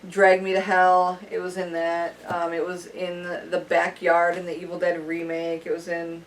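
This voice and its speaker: A woman with a lowish voice chats casually, full of "um" and "like" as she gets her thoughts out. She sounds set back from the mic, with a faint hum of room noise. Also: completely flat delivery, recorded from a distance, low-quality recording. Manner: chatty, halting with many fillers. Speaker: podcast guest. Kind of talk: casual chat.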